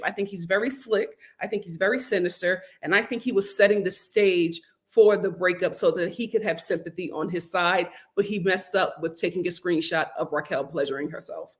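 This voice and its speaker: A woman hosting a casual vlog, recapping a reality show with animated, opinionated commentary and frequent laughter. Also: on the low side.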